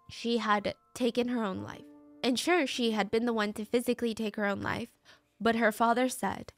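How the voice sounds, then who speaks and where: Emotional woman telling a true crime story. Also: on the high side. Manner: conversational, emotionally invested narration. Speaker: true crime podcast host.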